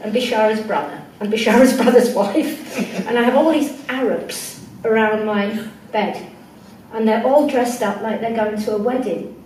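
A woman with a fairly high voice tells a personal story to a gathering, animated and emotional, with laughter between her lines. She sounds far from the microphone, in a very echoey indoor room, with faint noise underneath. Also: moderate pace. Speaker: guest speaker. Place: indoor room with a group of people.

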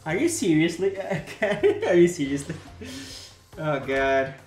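A man's voice: fairly high pitch, big pitch swings, slow pace, a little mellow. Joking, teasing male stream host, roomy recording with music under. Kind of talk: casual gameplay chat.

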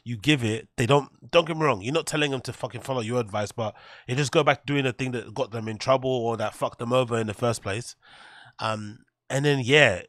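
A man's voice: mid-range voice, a bit bright, dry recording. A man talks over clips in a blunt, scornful stream commentary, swearing freely. His voice sits in a middling register and sounds dry and close, with no room around it. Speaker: streamer reacting to videos. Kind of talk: casual reaction commentary.

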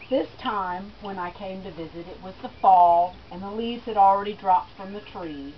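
A middle-aged woman speaks at a memorial, telling family stories and laughing softly. Her voice has an everyday middle pitch. The recording is dull and lo-fi, with a faint hiss. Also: measured pace. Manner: storytelling with gentle laughs. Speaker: daughter giving a eulogy. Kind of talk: personal eulogy speech.

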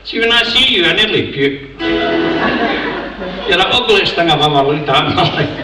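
A man's voice: high-pitched, animated, normal speed, over loud music, pitched above the performer's own voice. A Scottish man voicing a rude male parrot that heckles people, squawking bossy insults. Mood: mocking. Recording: echoey theatre from far off.

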